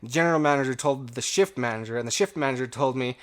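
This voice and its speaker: Young man, podcast co-host, bright forceful voice, casual rambling storytelling. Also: mid-range voice, fast talker, hardly any pauses. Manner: rambling anecdote with acted-out quotes and laughter.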